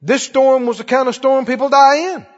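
A man's voice: very high-pitched, steady tone, normal speed, in a large hall, muffled recording. A man preaching a sermon, firing repeated questions at his congregation. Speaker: pastor.

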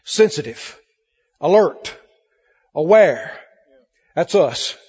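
This pastor's voice is on the high side, sing-song, a little mellow and husky, and he speaks extremely slowly. His emphatic sermon calls for responses from the congregation in a church hall, recorded lo-fi amid strong reverb.

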